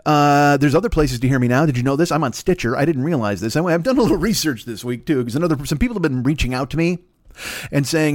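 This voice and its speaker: A man's voice: a little high, lively intonation, fast talker, no room sound, studio quality. A man hosting his own podcast, a comedian rambling in a profane, self-deprecating solo monologue.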